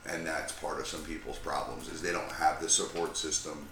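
Male co-host, very deep but forceful voice, swearing and blunt; roomy echo, faint noise. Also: steady tone, moderate pace. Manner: profane, philosophizing, blunt. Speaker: podcast co-host. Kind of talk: casual chat.

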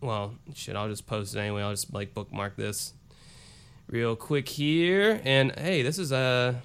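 Loose, bright-voiced man podcasting. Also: fairly low pitch, normal speed, smooth. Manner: loose and profane, with restarts and asides. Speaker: podcast host. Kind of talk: casual chat reading listener emails.

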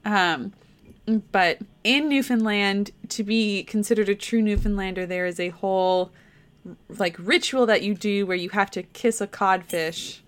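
A woman's voice: medium pitch, a little slow, smooth. A woman co-hosting a podcast, explaining things in casual chat with giggles. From Canada. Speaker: podcast co-host.

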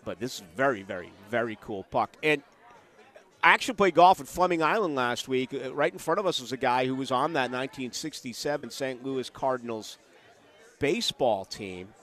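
A middle-aged man from Boston chatting casually about sports, telling animated stories with lots of restarts. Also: mid-range voice, normal speed. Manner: animated storyteller, restarts often, acts out quotes.

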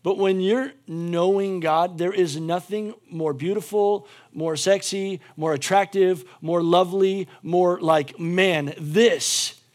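A man preaches a sermon in a fairly high voice. He swings from near-shouted fervor to soft, intimate appeals. He drives his points home by repeating the same phrases. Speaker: pastor.

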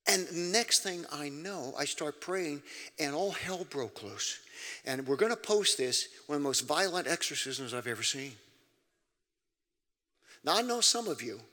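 A man's voice: lively intonation, measured pace, long pauses. Emphatic preacher man in an echoing hall. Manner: emphatic, with sudden loud high outbursts. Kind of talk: preaching to an audience. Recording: long reverb of a large hall.

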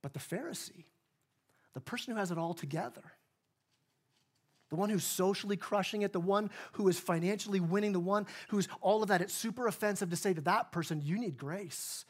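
Delivering a church sermon, a pastor speaks in a high-pitched voice at a brisk pace. He keeps it conversational, playing out the story's dialogue in voices.

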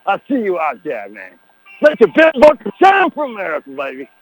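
A man sits in as guest commentator on a high school football radio call. He talks in loose slang, ending his lines with "man" and "baby". He bursts into long drawn-out shouts on big plays. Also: wildly swooping pitch, low-quality recording.

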